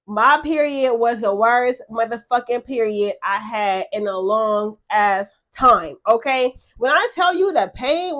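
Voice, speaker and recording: A woman's voice: fairly high pitch, normal speed. A young woman talking in a casual confessional vlog, chatty and emotional, full of fillers and repeated words, frank and blunt. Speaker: vlogger.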